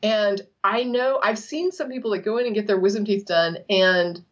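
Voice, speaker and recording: Once more this woman from Texas co-hosts a laid-back chat, acting out quotes and laughing as she tells stories with energy. Pitch is medium and pace normal, on audio that's lo-fi and somewhat dull.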